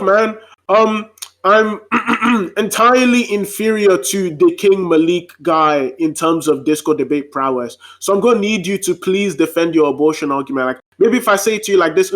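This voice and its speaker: Sarcastic, slightly high-voiced man. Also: expressive, normal speed, a bit bright, rough recording. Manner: sarcastic, mocking. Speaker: debater. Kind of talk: online voice-chat debate.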